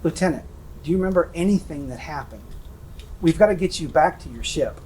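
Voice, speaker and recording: Man, earnest, formal, slightly higher voice, faint noise. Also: lively intonation, a little fast, darkish tone, poor audio. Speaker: naval captain in film.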